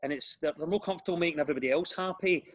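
A man with a Glaswegian accent, a comedian and radio presenter, telling stories in a casual podcast chat with lively restarts. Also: fairly high pitch, racing, highs cut off. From Glasgow, Scotland. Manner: animated storyteller with frequent restarts.

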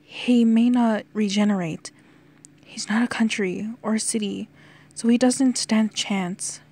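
A woman plays a blunt hospital nurse who gives hard news in short, curt lines. Her voice sits in an ordinary middle pitch. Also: fairly even intonation, a little slow, a little mellow, lightly acted.

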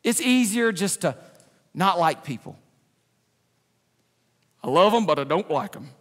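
A man preaching a sermon in a church, animated and joking, with loud outbursts. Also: sits high, a little slow. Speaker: pastor. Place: large church sanctuary. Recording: reverberant church hall.

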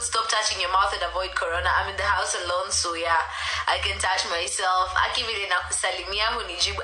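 A woman's voice: medium pitch, pushed and bright, a little hiss or hum. A young woman, chatting casually on a live stream, reading comments aloud and apologizing, with a sore throat. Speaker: livestreamer. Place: alone at home, indoors. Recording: echoey room.

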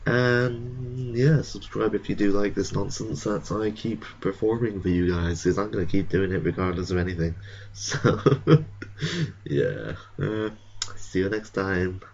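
A man giving casual gameplay commentary in a vague put-on accent that drifts between German and Irish, dry and muttering with sudden high-pitched outbursts. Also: measured pace, creaky, a little mellow, breathy edge, muffled recording. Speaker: let's play gamer.

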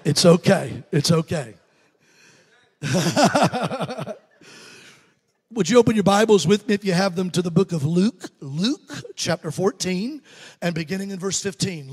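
Guy preaching in a big church, high voice, fervent, lots of echo off the hall. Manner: fervent preaching, leads the congregation in responses. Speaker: evangelist preacher. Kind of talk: church sermon and prayer. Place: large church sanctuary.

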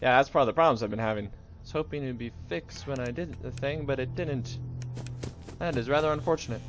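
A young man giving casual, joking let's-play commentary on a game, jumpy and yelling at it when startled. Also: mid-range voice, fast talker, over music. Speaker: gaming video host.

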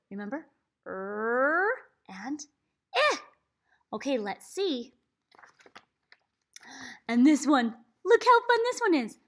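A woman's voice: high voice, a bit bright. A woman reading a phonics book aloud to young children, acting out letter sounds with big playful leaps in her voice. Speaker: reading teacher. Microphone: laptop computer.

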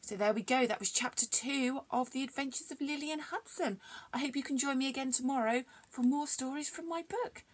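A woman reading her own children's story aloud in an expressive, animated way. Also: sits high, fairly quick, slightly rough.

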